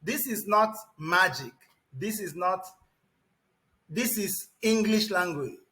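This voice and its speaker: A man teaching English pronunciation to a class, repeating words slowly and emphatically and calling on students by name. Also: sits high, animated, bright, forceful tone. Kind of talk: classroom lesson.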